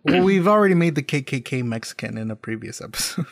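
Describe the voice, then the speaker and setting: A man's voice: fairly high pitch, animated, quick pace, dry recording, clean studio sound. A man co-hosting a comedy podcast in casual banter, swearing often and slipping into laughing impressions. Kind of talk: casual banter with put-on accents.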